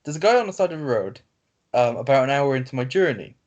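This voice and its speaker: Over a video call, a podcast co-host reads an online story to his partner, stumbling, restarting, and correcting himself with fillers throughout. His middle-pitched voice is expressive with a darkish tone, and the sound is lo-fi call audio.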